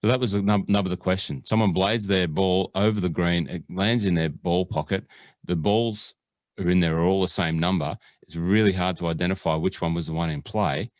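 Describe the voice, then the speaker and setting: A man's voice: sits low, fairly quick, no room sound. An Australian man hosting a podcast, chatting in a jokey, rambling way full of fillers. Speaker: podcast host. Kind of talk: casual podcast chat.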